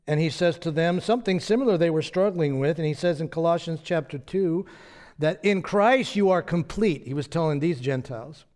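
A man preaching an expository sermon in an earnest, conversational teaching manner, posing rhetorical questions and slowing down to read scripture aloud. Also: mellow. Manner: rises in pitch and slows when reading scripture aloud. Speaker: pastor.

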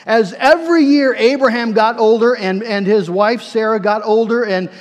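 A man preacher delivering a sermon, emphatic, repeating words and slowing down for key phrases. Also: high-pitched. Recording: long hall reverb.

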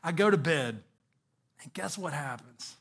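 A preacher with a fairly high voice delivers his sermon. He mixes lively anecdotal storytelling and chuckles with earnest exhortation, drawing out key words. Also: a little slow, gravelly, breathy edge.

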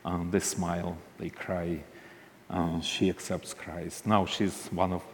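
A man tells a ministry story, halting often and restarting his sentences. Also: low-pitched, flat delivery, long reverb tail, a little hiss or hum. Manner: halting, frequent restarts and fillers. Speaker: ministry leader. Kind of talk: storytelling talk.

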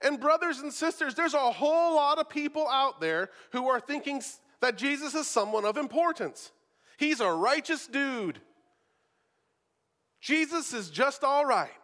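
A man's voice: very high voice, animated, unhurried, bright, forceful tone, in a large hall. A male pastor preaching a sermon, talking casually and often repeating words as he starts a thought.

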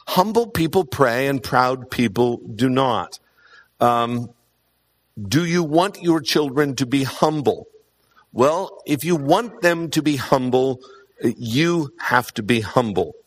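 A man of middle pitch delivers a sermon with earnest conviction. He drives his points home through repetition. He often fills his pauses with a soft "uh". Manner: earnest, emphatic repetition, frequent "uh" fillers. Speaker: preacher.

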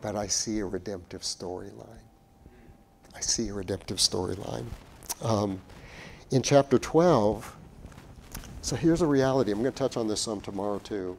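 A man preaching a sermon as pastor. He talks earnestly, repeats and restarts phrases, rises to emphatic peaks and drops to a quiet tone. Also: on the low side, moderate pace, creaky, pauses often, a little hiss or hum.

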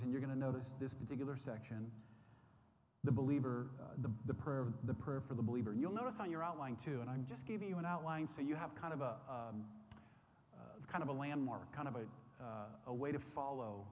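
A man's voice: medium pitch, fairly quick, a little mellow. A man teaching a Bible study class, earnest and repetitive, often restarting his sentences with fillers. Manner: earnest, repeats phrases, many fillers and restarts. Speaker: Sunday school teacher. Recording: roomy hall with faint background noise.

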